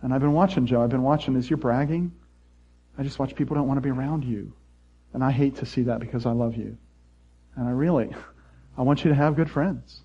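A middle-aged man preaching a sermon as pastor, playful and animated, jumping from loud mock voices to quiet earnest asides. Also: mid-range voice, fairly quick, long pauses, breathy edge, lo-fi sound.

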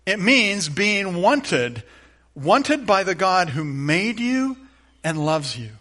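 A middle-aged man preaching a sermon as a pastor, earnest, moving from loud emphatic lines to soft, hushed ones. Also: high voice, very animated, slow.

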